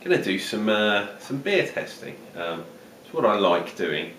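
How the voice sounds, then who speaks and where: A man's voice: fairly low pitch, sing-song, unhurried, fairly bright tone, slight background noise. A man talking in a put-on Australian accent, chatting casually and jokily through a beer review with plenty of fillers. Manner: chatty, jokey, rambling with fillers. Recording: roomy, distant home-video sound.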